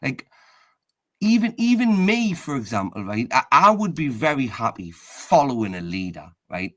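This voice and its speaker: A man's voice: mid-range voice, big pitch swings, normal speed, fairly bright tone. A middle-aged man, rambling in casual chat and tagging most phrases with "right, okay?".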